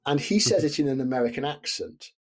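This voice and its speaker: A man, a film scholar talking as a podcast guest, thinking out loud with many restarts and asides. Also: medium pitch, animated, fast talker. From Britain. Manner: discursive, restarts and qualifies often. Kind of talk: casual chat.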